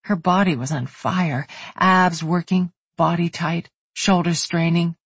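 A woman reading a romance novel aloud as the narrator, in an even, steady way. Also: on the low side, measured pace, breathy edge, no room sound. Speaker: audiobook narrator. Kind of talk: scripted narration.

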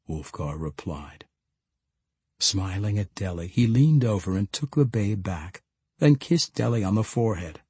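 A male narrator reads a fantasy novel in a measured, steady way. His voice is husky and raspy, and his delivery is unhurried. The recording is close and completely dry. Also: fairly low pitch, no room sound. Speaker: audiobook narrator.

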